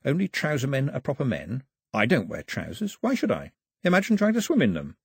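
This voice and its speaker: A man's voice: mid-range voice, huge pitch swings, brisk, husky, no room sound, clean studio sound, heavily acted. A man voicing a curious, earnest island boy in an audiobook, thinking things through aloud. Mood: indignant. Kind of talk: audiobook character voice.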